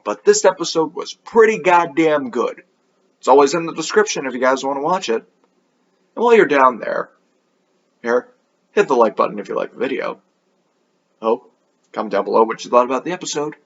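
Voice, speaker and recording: A man hosting his own review video, drifting from point to point with dry, sarcastic asides. His pitch sits in an ordinary middle range. The audio is a little dull and lo-fi. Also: lively intonation, normal speed, long pauses. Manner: sarcastic, offhand, rambling. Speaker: anime review host. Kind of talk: casual video review commentary.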